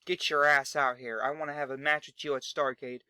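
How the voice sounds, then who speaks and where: A man voicing a brash male wrestler, loud and confrontational in his trash talk, in a dry recording. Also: mid-range voice, level tone, a little fast, clear, resonant tone, no room sound. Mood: aggressive.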